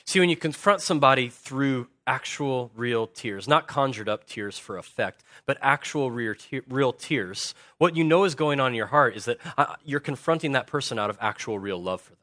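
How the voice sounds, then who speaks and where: A man preaching a sermon as a pastor, swinging from hushed earnest lines to loud animated bursts. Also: mid-range voice, normal speed, few pauses, dry recording, clean studio sound.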